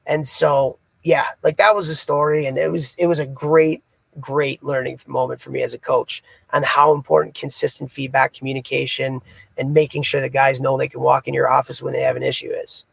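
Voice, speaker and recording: Man, podcast co-host, casual storyteller, gravelly, dry close mic. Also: mid-range voice, level tone, brisk, no room sound. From Canada. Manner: casual, filler-heavy, retelling conversations. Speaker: hockey coach, podcast co-host.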